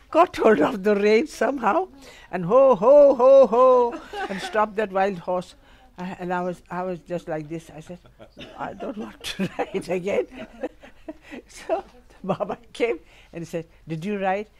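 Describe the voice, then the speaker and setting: A woman's voice: medium pitch, measured pace. An older woman, telling humorous stories from her life and laughing often. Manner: laughs often, lively storytelling. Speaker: storyteller recalling her life. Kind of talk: humorous storytelling. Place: home.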